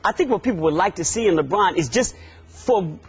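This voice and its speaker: A man co-hosting a sports debate podcast, talking in an animated, emphatic way and often repeating his phrases. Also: sits high, brisk, breathy edge. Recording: dull lo-fi podcast audio.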